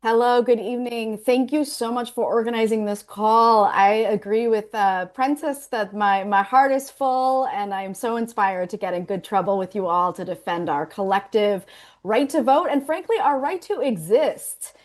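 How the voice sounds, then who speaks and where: A woman addresses an organizing call as a state director, speaking in an earnest and measured tone. She delivers a prepared speech to the listeners. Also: fairly high pitch. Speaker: state director of a voter group.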